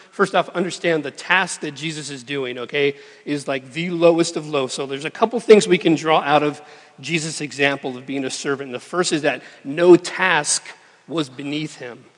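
A man preaching a sermon in a relaxed, conversational way who keeps checking in with his listeners. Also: a little high, in a large hall. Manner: conversational, checks in with "okay?" and "right?".

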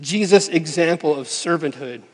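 A man preaching a sermon in a relaxed, conversational way who keeps checking in with his listeners. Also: a little high, normal speed, in a large hall. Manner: conversational, checks in with "okay?" and "right?".

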